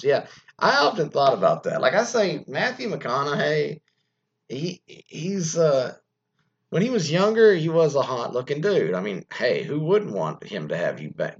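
Male host for loose news chat: creaky, gravelly voice with a lively, up-and-down pitch; reads an item, then wanders into off-the-cuff asides. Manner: rambling, reads items aloud then riffs on them. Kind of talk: casual news commentary. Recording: dull lo-fi recording.

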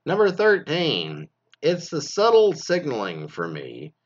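A man's voice: fairly high pitch, huge pitch swings, slow. Profane rambling man ranting. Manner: profane, rambling, full of fillers. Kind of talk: casual rant. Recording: dull lo-fi recording.

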